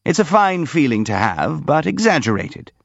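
A man voicing a kindly little old man, speaking softly and calmly. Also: on the high side, normal speed, creaky, no room sound, voice pushed up, exaggerated voice. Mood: soothing. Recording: slightly dull dry recording.

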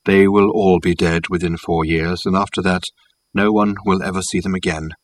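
A man voicing a gentle, wistful elderly professor who speaks softly in a quaint, formal way. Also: low-pitched, fairly even intonation, moderate pace, lightly acted. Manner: soft, quaint formal phrasing.

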